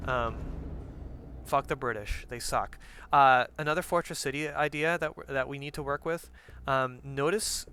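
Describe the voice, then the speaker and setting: A man's voice: mid-range voice, bright, forceful tone, a little hiss or hum. A young man giving casual, profane commentary while playing a strategy game, rambling with lots of fillers and jokes.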